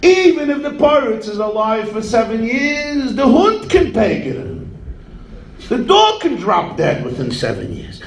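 A man's voice: extremely high pitch, sing-song, unhurried, vocal fry, echoey room, recorded from a distance, a little hiss or hum, pitched above the performer's own voice, exaggerated voice. A man voicing a poor, carefree male water carrier who talks in a light, coaxing way.

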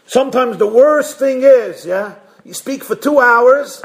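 A man, a rabbi, giving a sermon in an animated storytelling way, acting out voices and jokes along the way. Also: very high voice, a little slow. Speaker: rabbi giving a Torah class.

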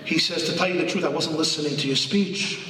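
A man, a rabbi, giving a sermon full of jokes and stories, rising to loud emphatic peaks. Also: a little high, fast, slight background noise. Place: synagogue hall. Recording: echoey hall recording.

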